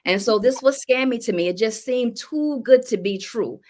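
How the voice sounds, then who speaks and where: A middle-aged woman giving a slow, emotional personal testimony on a panel. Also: a little high, a little mellow. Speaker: business testimonial speaker.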